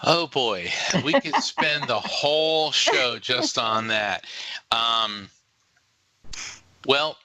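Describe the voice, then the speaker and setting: A man guest on a radio interview, telling stories in a lively way and acting out voices with big jumps in pitch. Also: drawn-out words, a loud crowd, low-quality recording. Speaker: guest psychic medium. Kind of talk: animated storytelling in a radio interview.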